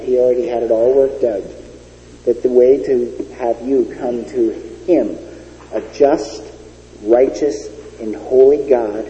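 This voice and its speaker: A man's voice: medium pitch, mellow, a little hiss or hum. A man preaching a sermon with an emphatic, storytelling delivery. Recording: dull lo-fi recording in an echoey hall.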